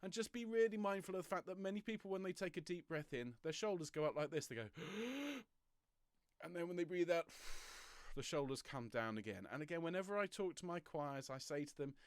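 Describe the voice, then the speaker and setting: An encouraging man coaches a choir through breathing and stretches in a jokey, step-by-step way. His voice sits a little high, and it comes over a home mic on a video call. The sound is dry and close, with no room echo. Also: quick pace, few pauses, smooth. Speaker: choir leader. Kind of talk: leading an online choir warm-up. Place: home room, traffic passing outside.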